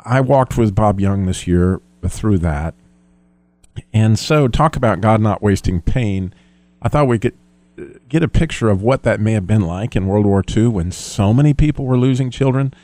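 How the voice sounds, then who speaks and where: A man talks about faith in an earnest, reflective way and often restarts his sentences. His voice is low and mellow. The recording is dry. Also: expressive, moderate pace, no room sound. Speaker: co-host. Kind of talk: faith discussion.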